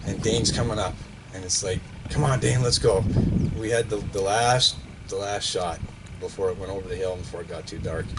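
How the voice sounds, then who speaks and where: Man telling a lively hunting story. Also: low-pitched, fairly quick, very noisy. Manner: animated storyteller with sound effects. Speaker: eulogy speaker, former coach. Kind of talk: personal story told at a memorial service.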